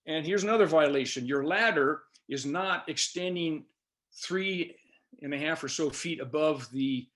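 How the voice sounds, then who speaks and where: A man's voice: on the high side, a little slow, fairly bright tone. A man quoting a pushy male government safety inspector in the middle of telling a story. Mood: officious.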